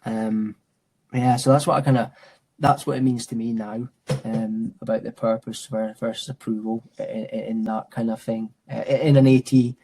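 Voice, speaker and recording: This thirties-aged mountain and adventure training instructor chats reflectively in an interview, dropping "mate" often amid restarts and fillers. His medium-pitched voice is warm and fairly even, at a moderate pace, with slight background noise.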